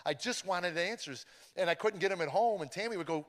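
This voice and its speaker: A middle-aged man, a comedian, telling his life testimony, swinging from hushed confession to loud, animated storytelling. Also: high voice, fast talker. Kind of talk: personal testimony speech. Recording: long hall reverb.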